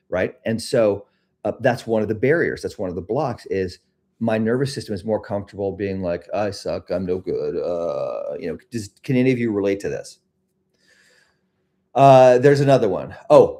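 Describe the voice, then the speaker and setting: A middle-aged man with a low, mellow voice talks casually and openly about his own fears. He moves into a slow, gentle guided meditation, coaching listeners to breathe and feel their bodies. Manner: reflective, self-disclosing, gently guiding. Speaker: host of a live self-help stream.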